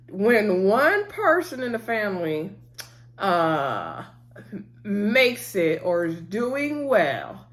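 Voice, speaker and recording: A woman giving a casual, rambling recap of a TV episode. She laughs often and acts out what the people on the show said. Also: mid-range voice. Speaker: TV show reviewer.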